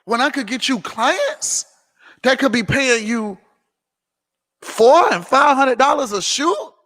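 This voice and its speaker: Man, slow emphatic motivational speaker, preachy repetition, occasional shouts, reverberant livestream sound. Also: very high-pitched, expressive. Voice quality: emphatic, preachy, repeats phrases, sometimes shouts. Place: indoor room filming himself on several cameras.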